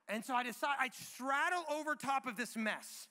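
A man in his thirties preaches from a church stage, telling a story in a lively, playful way. His voice sits very high for a man and sounds bright and sharp. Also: moderate pace, few pauses, long reverb tail. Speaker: pastor. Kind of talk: sermon. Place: church auditorium.

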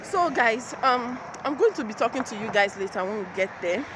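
A woman's voice: fairly high pitch, animated, fairly quick, background noise. A young woman with a Nigerian accent, vlogging to her phone while walking the streets, exclamatory and rambling with many restarts. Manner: exclamatory, rambling, retells annoyances with repeated restarts. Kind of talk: casual vlog chat to camera. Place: outdoors on city streets, walking with a stroller.

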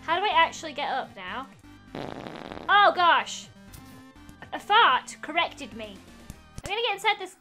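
A young woman chatters through a let's-play, full of giggles, gasps and cries at the game. Her voice sits high and swoops all over the place, with a bright, crisp edge. Game music plays faintly underneath. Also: sing-song, a little slow, long pauses. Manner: giggly, exclaiming, talks to the game. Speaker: gaming YouTuber. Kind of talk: casual let's-play commentary.

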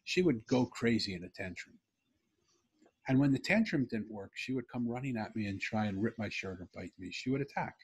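A man's voice: fairly low pitch, expressive, brisk, breathy edge. A middle-aged man, a podcast guest, telling a personal story in an earnest, heartfelt, emphatic way.

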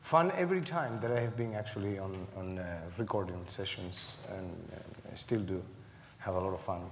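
A man's voice: low-pitched, normal speed, big-room sound. Guy, telling stories in an interview, laughs a lot, bit of background hiss. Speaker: cast member interviewee. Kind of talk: conversational interview.

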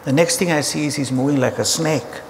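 A man's voice: a little high, fairly quick. Man preaching with humor in a hall. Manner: humorous, animated storyteller. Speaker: pastor. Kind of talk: sermon storytelling. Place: church auditorium. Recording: hall reverb with faint ambient noise.

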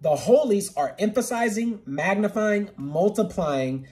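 A man giving a casual online Bible study, earnest and eager, repeating words for emphasis and rushing through his reading. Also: sits high, lively intonation, a little mellow. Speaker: Bible teacher.

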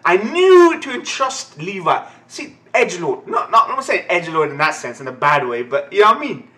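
A young man giving a live anime reaction, excitable and ranting, swearing constantly. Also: on the high side, fast. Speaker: anime reaction channel host.

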